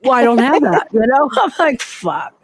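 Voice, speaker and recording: High-voiced giggly woman, lively swoops, dry close sound. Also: a little fast, no room sound. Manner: giggly, animated storyteller. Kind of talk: casual chat.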